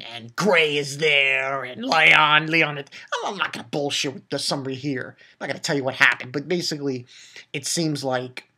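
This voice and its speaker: A man casually recapping a manga chapter, rambling and swearing, with many restarts and bursts of excitement. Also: a little high.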